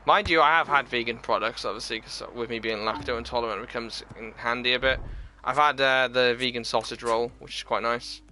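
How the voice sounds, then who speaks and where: A man's voice: mid-range voice, steady tone, fairly quick, hardly any pauses, pushed and bright. A man chatting casually on a live game stream, reading viewer comments aloud and answering them. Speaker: gaming streamer.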